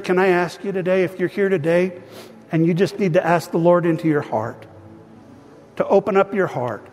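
A man pastor preaches and prays before his church, earnest and still emotional. His voice sits a little high. The sound rings with the long reverb of a large hall. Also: darkish tone. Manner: earnest, emotional, speaks of grief and peace. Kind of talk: sermon with prayer.

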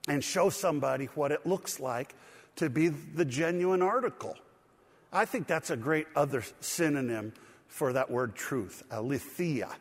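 A middle-aged male pastor preaching a conversational, animated sermon with light humor and asides. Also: on the high side, husky, long reverb tail. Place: church.

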